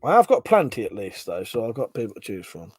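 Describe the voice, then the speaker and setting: A man's voice: lowish voice, huge pitch swings, fast talker, a little mellow, breathy edge, no room sound. A man hosting a casual livestream, chatting and reading out viewer comments, swearing now and then. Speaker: livestream host.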